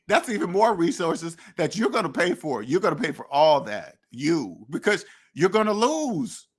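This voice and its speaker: A man's voice: fairly high pitch, big pitch swings, measured pace, pauses often, husky. A man hosting a finance talk, lecturing bluntly and acting out imagined conversations, now and then swearing. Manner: blunt, preachy, acts out imagined dialogues; profane. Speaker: finance podcast host. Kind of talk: casual monologue.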